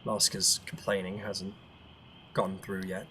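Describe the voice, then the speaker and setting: A man's voice: low voice, flat delivery, unhurried, bright, forceful tone, slight background noise. A man playing wry Wintercrown. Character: aloof northern being named Wintercrown.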